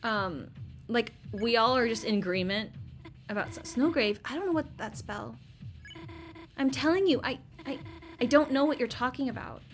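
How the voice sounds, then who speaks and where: A woman hosting a gaming channel, giving rambling, chatty let's play commentary full of fillers, swinging between loud outbursts and quiet muttering. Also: on the high side, moderate pace, soft background music.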